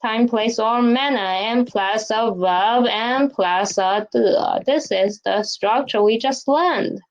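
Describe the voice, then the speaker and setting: A woman leads a Chinese lesson at an unhurried, careful pace, her voice sitting a little high. She keeps asking questions and has the learner repeat words after her. The audio is somewhat dull and lo-fi. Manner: slow, questioning teacher talk with repeated drills. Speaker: Chinese teacher. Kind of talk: online language lesson.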